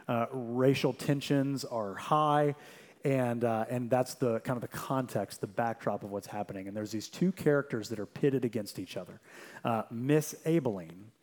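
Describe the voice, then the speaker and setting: A young adult man delivers a sermon as a pastor. His voice sits at an ordinary pitch. He swings between energetic, rapid anecdotes and quiet, deliberate emphasis. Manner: swings from loud, quick storytelling to quiet, slow emphasis.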